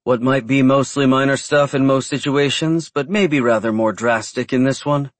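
A man voicing a small, sharp-tongued female vampire with a brisk, sarcastic manner. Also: mid-range voice, steady tone, no echo, natural voice. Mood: worried.

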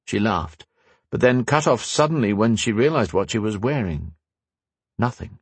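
A man narrating a fantasy novel in a measured storytelling manner. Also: lowish voice, big pitch swings, husky, dry recording. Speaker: audiobook narrator. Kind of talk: scripted narration.

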